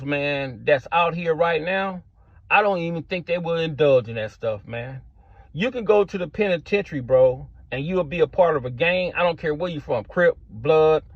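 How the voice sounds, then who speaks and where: A man's voice: on the high side, no echo. A middle-aged man telling a story in casual street slang, filling his talk with "man" and "bro". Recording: dull lo-fi sound, dry.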